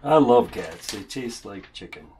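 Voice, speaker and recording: A man guesting on a casual livestream delivers dry, deadpan jokes. He speaks very slowly and unhurriedly. A faint hiss of noise sits behind his voice. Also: fairly low pitch. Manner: deadpan joker.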